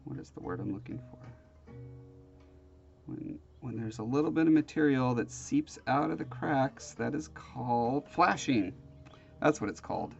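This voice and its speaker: A congested man with a nasal, gravelly voice talks through a hands-on crafting tutorial as its host. He rambles and pokes fun at himself. The audio sounds slightly dull and muffled. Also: mid-range voice, lively intonation, normal speed, faint music behind. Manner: self-deprecating, rambling. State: sniffly, congested.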